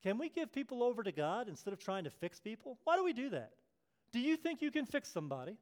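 A man preaching a sermon as pastor, swinging from hushed prayerful tones to loud emphatic passages and acting out quoted voices. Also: very high-pitched, big pitch swings, quick pace.

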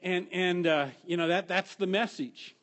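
A middle-aged male pastor preaching a sermon, telling stories with animated swings from hushed to loud. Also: high voice, unhurried.

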